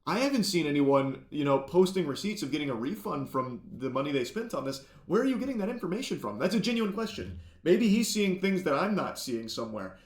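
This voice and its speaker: Annoyed guy ranting in a commentary vid, kinda high voice, roomy echo. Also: big pitch swings, a little fast, few pauses. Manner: indignant, questioning, sarcastic. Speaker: YouTube commentator. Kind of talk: video commentary.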